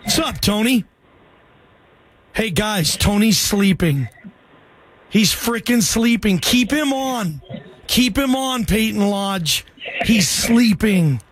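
A man hosting a sports call-in radio show, energetic and jokey with loose banter. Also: high voice, slow pace, pauses often, slight background noise. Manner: energetic, loose, jokey, calls callers bro.

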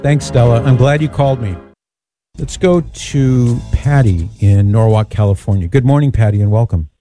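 A man hosting a call-in radio show, affirming callers with brief warm interjections. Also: medium pitch, moderate pace, faint music behind.

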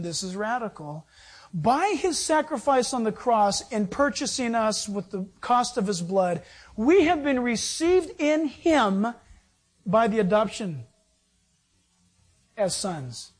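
A preacher giving a sermon, dramatic, jumping between loud bursts and hushed, intimate asides. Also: mid-range voice, very animated, slow pace, breathy edge.

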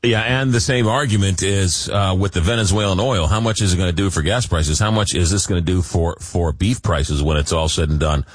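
A man's voice: sits low, brisk, hardly any pauses, no echo. A man hosting a radio talk show, joking and emphatic, often repeating words as he gets going. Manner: jokey, emphatic, repeats words when excited. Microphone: studio microphone.

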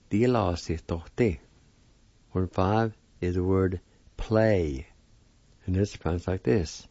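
Deep, slow man teaching vocabulary. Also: dark tone, dry recording, lo-fi sound. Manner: spells words letter by letter and repeats each pronunciation slowly. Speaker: language teacher on a radio program. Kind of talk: spelling out and pronouncing vocabulary.

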